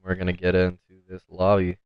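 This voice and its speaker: Low-voiced casual male race commentator. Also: completely flat delivery, brisk, clear, resonant tone, no room sound, highs cut off. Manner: casual, filler-heavy play-by-play. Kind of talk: sim racing commentary.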